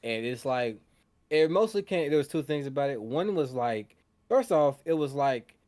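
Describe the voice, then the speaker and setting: A man's voice: mid-range voice, animated, normal speed, darkish tone. A young man co-hosting a podcast, chatting casually about a film and acting out scenes in raised voices. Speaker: podcast co-host. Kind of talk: casual chat.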